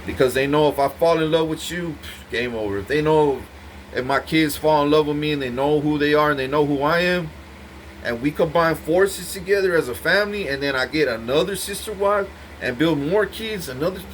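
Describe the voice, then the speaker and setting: A man's voice: fairly high pitch, a little fast, a little hiss or hum. Intense, rambling man in a profane monologue. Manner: intense, rambling, repeats himself. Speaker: vlogger speaking to camera.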